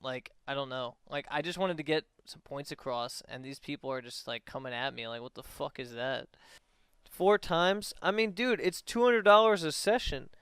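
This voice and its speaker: A man's voice: high-pitched, clean tone, no echo. A young man on a casual livestream, talking in a rambling, profane way with lots of fillers.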